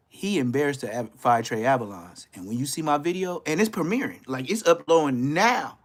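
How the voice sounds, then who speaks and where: Speaking at a moderate pace with few pauses, a Los Angeles man in his fifties roasts people live on YouTube. His loud, mocking street talk carries an LA accent, with frequent laughter and jumps into a high pitch.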